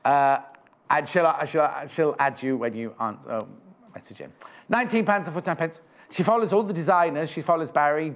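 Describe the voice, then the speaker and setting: Chatty man, fairly high voice. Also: a little fast. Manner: chatty, rambling, self-correcting. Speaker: shopping channel presenter. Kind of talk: live TV selling chat. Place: TV studio.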